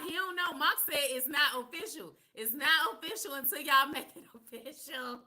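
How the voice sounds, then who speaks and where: Bright, sassy woman podcast host. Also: sits high. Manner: candid, sassy storytelling with slang and laughter. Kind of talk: casual live podcast chat.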